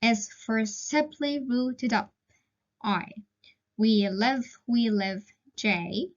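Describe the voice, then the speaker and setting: Slow, patient woman teaching a poem. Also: fairly high pitch. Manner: slow and patient, often asks "okay?" and says "um". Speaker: teacher presenting a poem analysis. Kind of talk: recorded lesson, explaining a poem. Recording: dull lo-fi sound.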